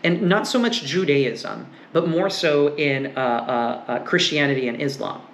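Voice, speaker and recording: A man with a slightly higher voice talks through a tarot spread in a loose, wandering way, full of fillers and half-finished thoughts. The sound bounces around an echoey room with a faint hiss underneath. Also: unhurried, gravelly. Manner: musing, meandering, frequent fillers. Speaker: tarot reader. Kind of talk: casual tarot reading and discussion.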